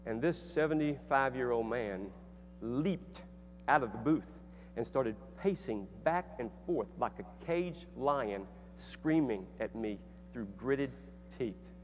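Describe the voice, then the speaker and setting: A middle-aged man tells a personal story to an audience, earnest and conversational, stumbling over a word now and then. His mid-pitched voice echoes around a hall with long reverb. A faint hum sits behind him. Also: lively intonation, takes it slowly, few pauses. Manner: conversational, earnest, with restarts and fillers. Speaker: speaker and author.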